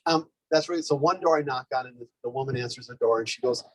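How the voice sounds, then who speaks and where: A man giving a lively, conversational speech to a live audience at a community organizing event, often checking in with "okay?" and "right?". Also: medium pitch, fast talker, dry recording, rough recording. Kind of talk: energetic storytelling speech.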